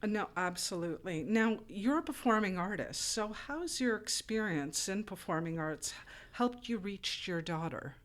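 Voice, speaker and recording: A woman's voice: medium pitch, animated, normal speed. A woman hosting an interview podcast, speaking earnestly and affirming her guest. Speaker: podcast host.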